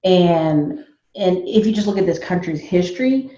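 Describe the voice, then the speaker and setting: Woman guest, animated storyteller, casual chat; room echo, a bit muffled. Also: lowish voice, moderate pace. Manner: animated storyteller, acts out quoted voices. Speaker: guest, YouTuber and entrepreneur.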